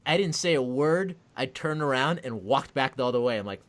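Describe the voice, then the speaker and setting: Animated swearing male podcast host. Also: fairly high pitch, moderate pace. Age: adult with a daughter. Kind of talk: casual chat.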